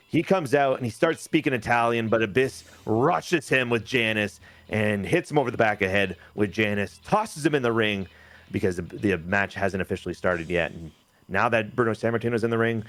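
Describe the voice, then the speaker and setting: A man's voice: fairly low pitch, no echo. Man hyping up a wrestling game. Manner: animated, jokey storytelling with quick asides. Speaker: game commentator. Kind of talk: hyped wrestling-game play-by-play.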